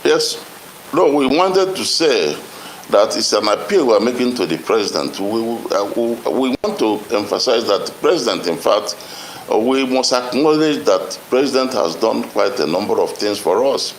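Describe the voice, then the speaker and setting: A man speaks slowly and carefully in a lowish voice. A faint hum of ambience sits behind him. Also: expressive, low-quality recording. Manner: measured, stumbles over words. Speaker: guest speaker on a call. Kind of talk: formal statement.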